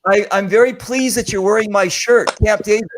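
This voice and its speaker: A man's voice: sits high, steady tone, a little fast, slight background noise. A man hosting a casual video call cooking chat, upbeat and chatty, often repeating himself. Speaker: host.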